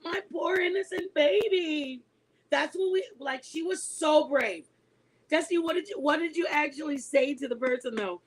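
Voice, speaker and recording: A woman in her forties, a mother, telling a story to her online viewers in a casual, animated way. She is emphatic and laughs often as she talks. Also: high-pitched, moderate pace, rough recording. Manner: animated and emphatic, insisting she is not lying.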